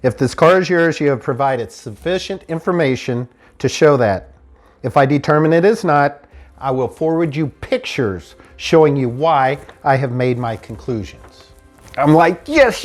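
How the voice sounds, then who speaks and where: A man telling his own true story in an animated, frustrated way, acting out the people he dealt with. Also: on the high side. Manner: animated, frustrated retelling with quoted dialogue. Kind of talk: personal storytelling.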